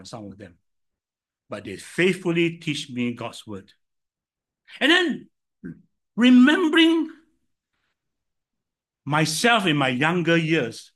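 An older man from Singapore with a Singaporean English accent, preaching a sermon and telling stories from his own life with rhetorical questions to the listeners. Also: medium pitch. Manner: animated storytelling with rhetorical questions to the audience.

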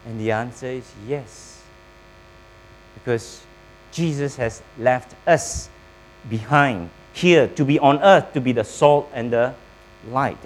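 A man preaching a sermon, pausing between phrases and quizzing his congregation. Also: medium pitch, rough recording. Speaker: pastor.

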